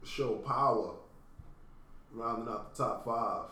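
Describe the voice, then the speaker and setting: A man from New co-hosting a podcast, talking in a laid-back, drawn-out way. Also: mid-range voice, bright, forceful tone. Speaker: podcast co-host. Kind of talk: casual chat. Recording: roomy echo with faint room noise.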